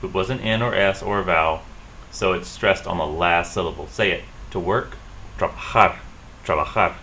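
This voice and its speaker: A man with a very low voice that still has a crisp, bright edge leads a Spanish lesson. He explains each rule and then drills the words slowly, saying them again and again. A faint hiss sits under the recording. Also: rough recording. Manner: slow, drilling repetition of words. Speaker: Spanish teacher. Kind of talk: classroom lesson.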